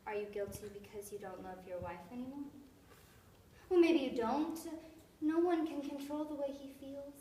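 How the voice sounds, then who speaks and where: A woman's voice: high voice, moderate pace, dark tone, natural voice. A young woman playing an earnest girl in love. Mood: probing. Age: young adult. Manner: earnest, pleading, pressing with questions. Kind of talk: stage acting. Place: stage in a theatre. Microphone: far camera. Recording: echoey room from far off, faint noise.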